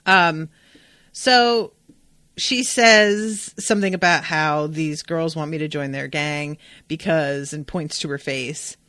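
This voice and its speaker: Woman host, fast casual episode recap, lots of swearing and asides, slightly low voice, dry recording. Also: no echo. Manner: animated, profane, digressive. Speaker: podcast host.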